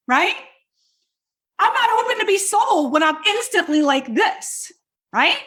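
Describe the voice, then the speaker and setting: A middle-aged woman hosting a podcast, coaching listeners on sales in a loud, hypey, direct way. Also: extremely high pitch, lively intonation, a little slow. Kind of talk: energetic teaching monologue.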